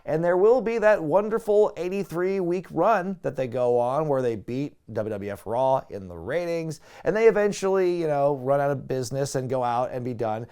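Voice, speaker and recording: A man giving a casual, chatty review of an old wrestling show, excitable and prone to laughing at his own asides. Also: fairly high pitch, moderate pace, hardly any pauses, clean tone. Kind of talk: casual video review commentary.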